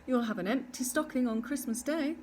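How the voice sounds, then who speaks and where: A woman's voice: high voice, fairly quick, darkish tone, a little hiss or hum, voice pushed up, natural voice. A woman voicing a proud, bossy little girl with a matter-of-fact, know-it-all manner in a storybook reading. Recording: distant mic with faint ambience.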